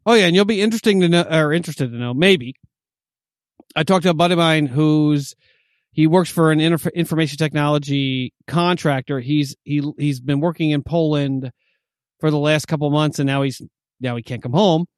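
A man co-hosting a podcast in casual chat, rambling with many fillers in a relaxed way. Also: a little high, normal speed, dry recording, studio quality. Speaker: podcast co-host.

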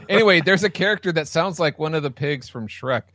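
A man's voice: fairly high pitch, lively intonation, fairly quick, fairly bright tone, dry recording. A man co-hosting a casual podcast, hesitant and flustered, laughing often. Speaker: podcast co-host.

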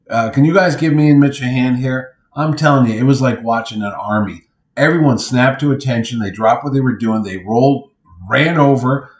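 Middle-aged man telling stories in a roomy echo. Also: medium pitch. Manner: animated anecdotes, acts out others' lines. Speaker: convention organizer. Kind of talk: casual podcast storytelling.

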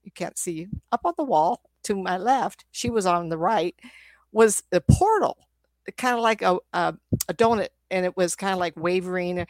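A woman's voice: medium pitch, expressive, normal speed, dry recording. A middle-aged woman, a psychic medium, telling stories in a casual, rambling way, often laughing. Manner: rambling, laughs often, acts out quoted voices. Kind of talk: casual storytelling talk.

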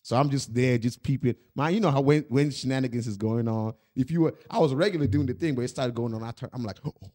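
A man's voice: mid-range voice, fast, hardly any pauses, warm tone. A man hosting a casual chat, rambling with lots of fillers. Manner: rambling, many fillers like "you know what I'm saying". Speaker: host.

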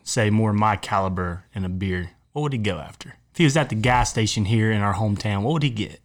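A young man co-hosting a casual podcast chat, telling rambling, animated stories with plenty of cussing. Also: on the low side, fairly quick. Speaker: podcast co-host.

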